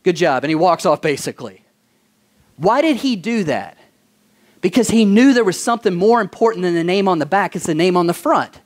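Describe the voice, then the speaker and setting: Male pastor, high-pitched, animated sermon with call-and-response questions. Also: brisk. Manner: animated storytelling.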